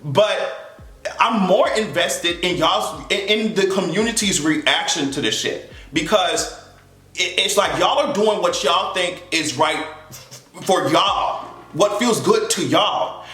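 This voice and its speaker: High bright-voiced man ranting sarcastically. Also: animated, slow pace. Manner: heated, sarcastic, profane, mocking voices of others. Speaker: vlogger. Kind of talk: casual opinion rant to camera. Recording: echoey room with faint music.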